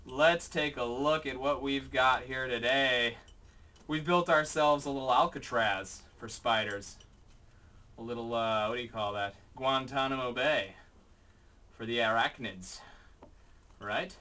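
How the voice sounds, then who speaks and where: A man chatting excitedly in a casual home vlog, sometimes hushed and whispering, sometimes jumpy and startled. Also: medium pitch, takes it slowly, long pauses. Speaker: vlogger.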